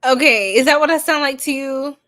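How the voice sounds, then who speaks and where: Hosting a tarot reading livestream, this woman chats casually with her viewers in a goofy, giggly way, laughing often. She has a New York accent and a high, sharp voice, and she speaks briskly.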